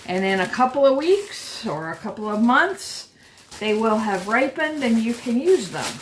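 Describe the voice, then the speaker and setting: A woman's voice: on the high side, sing-song, measured pace, a little hiss or hum, rough recording. Chatty, self-deprecating homesteading woman. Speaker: homesteading vlogger. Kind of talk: casual vlog narration. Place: home kitchen.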